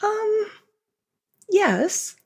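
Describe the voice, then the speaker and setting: A woman's voice: extremely high pitch, big pitch swings, extremely slow, vocal fry. A woman, a behavior consultant, answering interview questions in a podcast and explaining at length, often giggling between points. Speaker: behavior consultant and author, guest.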